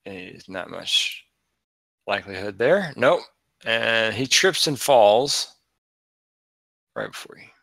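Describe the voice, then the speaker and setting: A man running a tabletop game online as game master, relaxed and chatty, laughing often. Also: lowish voice, slow, creaky, long pauses, no room sound. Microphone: online voice chat.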